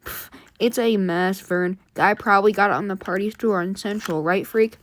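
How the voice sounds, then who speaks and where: A woman's voice: medium pitch, moderate pace, pitched below the performer's own voice, natural voice. A woman reading a brash, taunting farmhand. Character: rough male farmhand, mocking.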